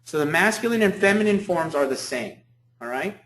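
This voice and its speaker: A man's voice: fairly high pitch, lively intonation, a little fast, a bit bright. A man giving a university lecture as professor, repeating key points and checking in with "okay?" often. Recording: echoey room.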